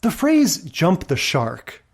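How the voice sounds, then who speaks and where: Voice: medium pitch, wildly swooping pitch, slow pace, husky. A podcast co-host chatting casually and explaining sitcom history with fillers. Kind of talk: casual chat analyzing sitcoms.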